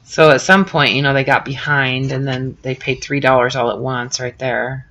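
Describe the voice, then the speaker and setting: A woman's voice: extremely low pitch, flat delivery, normal speed, a bit bright, slight background noise. A middle-aged woman host chatting casually and rambling with lots of fillers while crafting on a live stream. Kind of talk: casual chat with live viewers.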